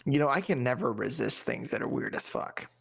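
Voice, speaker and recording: A man talks casually on a movie podcast in a laid-back way, with a dry sense of humor. His voice is mid-pitched and gravelly, with a lot of fry. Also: expressive, a little fast, dry recording. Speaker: podcast co-host. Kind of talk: casual movie review chat.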